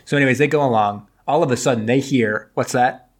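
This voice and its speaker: A man at an ordinary pitch talks through the plot of an old film in a loose, conversational way. He keeps dropping into quick impressions of the characters' lines before carrying on with the story. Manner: retells scenes, acting out characters' lines in quick asides. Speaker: podcast co-host recapping a film. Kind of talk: casual chat.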